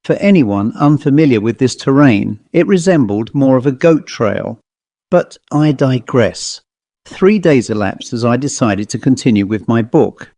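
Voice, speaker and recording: An Englishman with an English accent reading his own first-person ghost story in a measured, descriptive way. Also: mid-range voice, animated, dark tone, no echo. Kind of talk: first-person audiobook narration.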